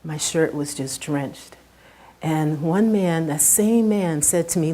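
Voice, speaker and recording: Middle-aged woman, heartfelt storyteller on a talk stage; warm, soft tone that climbs and sinks with emotion. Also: sits low, takes it slowly. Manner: earnest and heartfelt, rises and drops sharply with emotion. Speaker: speaker giving a talk. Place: stage before a live audience.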